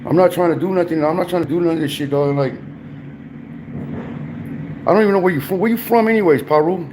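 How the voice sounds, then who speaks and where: A man's voice: fairly high pitch, fast talker, noisy background. A young man hosting his own livestream, talking in brash, profane, rambling street slang. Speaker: livestream host. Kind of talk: casual livestream banter.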